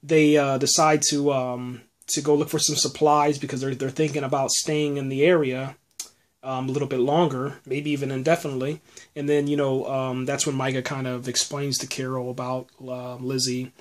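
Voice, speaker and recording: A man hosting a casual podcast episode review, rambling in an animated way with lots of restarts. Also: mid-range voice, moderate pace. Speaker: podcast host.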